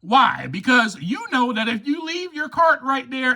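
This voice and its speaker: A man hosting a recovery podcast, delivering an impassioned, preachy monologue that rises to near-shouts. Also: extremely high pitch, sing-song, unhurried, gravelly. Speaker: podcast host.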